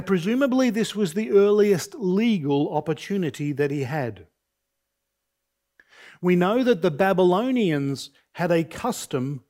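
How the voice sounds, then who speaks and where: A man preaching an expository sermon, measured and deliberate, reading scripture aloud between points. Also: darkish tone. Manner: deliberate, measured preaching with slow emphatic phrases; reads scripture aloud with raised pitch for quoted speech. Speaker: pastor.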